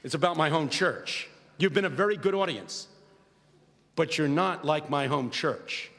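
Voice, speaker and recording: High, lively preacher in a hall. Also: male voice, measured pace, creaky. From United States, Philadelphia. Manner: animated, comic delivery building to shouted preaching. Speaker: preacher and guest speaker. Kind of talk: humorous storytelling sermon. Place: large hall with a live audience. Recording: reverberant hall, faint ambience.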